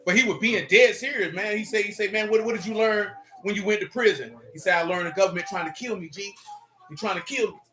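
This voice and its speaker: A man leading a loose, joking Bible study, talking in animated, teasing slang. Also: high-pitched, fast. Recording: echoey room.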